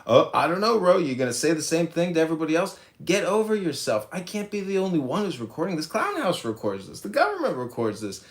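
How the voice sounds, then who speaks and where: A brash, combative man rants from his office, his voice sitting a little high for a man. It rings around the room with a clear echo. He mocks his critics as he goes. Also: sing-song, fast talker, hardly any pauses. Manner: brash, ranting, mocking. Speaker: political candidate hosting a social audio room. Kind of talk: combative livestream rant. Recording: echoey room sound.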